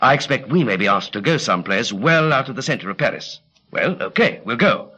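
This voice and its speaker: An actor playing a plucky British special agent, in clipped, breezy 1940s radio-drama style. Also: male voice, mid-range voice, lively intonation, fairly quick, pushed and bright, husky. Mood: brisk. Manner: clipped, breezy upper-class British banter. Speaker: lead character in radio drama. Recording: dull lo-fi vintage radio recording.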